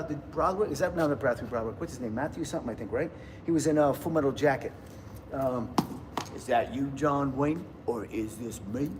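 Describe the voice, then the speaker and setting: A man's voice: a little high, background noise. A man in his fifties chatting casually on a livestream from a gym, rambling and laughing often as he greets viewers. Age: 50s.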